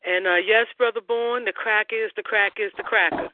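A man's voice: high-pitched, steady tone, moderate pace. A man calling in to a talk show, speaking emphatically. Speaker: caller. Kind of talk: call-in comment. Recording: tinny noisy phone line.

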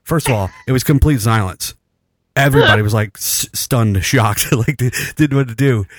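A man's voice: medium pitch, normal speed, no echo, studio quality. A man in his thirties hosting a podcast, telling a long story with crude jokes in casual chat. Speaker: podcast host.

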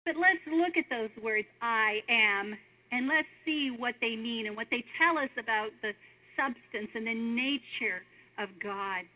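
A woman giving a devotional sermon, earnest and emphatic, speaking straight to the listener with questions. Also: on the high side. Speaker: preacher. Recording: tinny phone-like sound.

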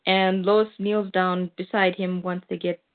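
A woman's voice: lowish voice, flat delivery, unhurried. A woman casually recapping a comic book, chatty and hesitant with many fillers. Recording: tinny phone-like sound.

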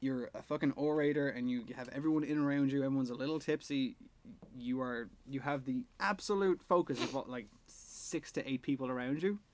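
A man's voice: mid-range voice, a little fast, a little mellow. A man co-hosting a podcast in casual chat, jokey and sweary, telling rambling jokes, recorded in a garage. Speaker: podcast co-host.

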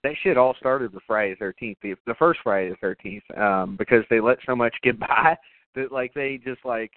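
A man co-hosting a podcast, chatting casually and profanely about a movie, acting out characters in high voices. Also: fairly quick, no room sound. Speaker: podcast co-host. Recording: tinny phone-like sound, dry.

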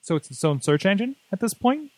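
A man co-hosts a tech podcast, chatting casually and rambling along with plenty of fillers and jokes. His voice is high with big pitch swings, and he talks a little fast. The recording is dry.

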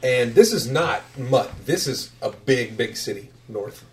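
A man's voice: mid-range voice, animated, unhurried. A man running a tabletop game as game master, describing scenes with plenty of swearing and laughter. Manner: swears freely, laughs often.

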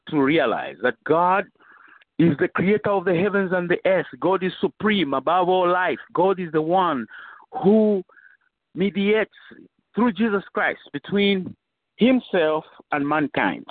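A man's voice: high-pitched, lively intonation, measured pace, dry recording. A man preaching a conversational sermon, often asking "you know" and repeating phrases for emphasis. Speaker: bishop preaching. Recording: tinny phone line, dry.

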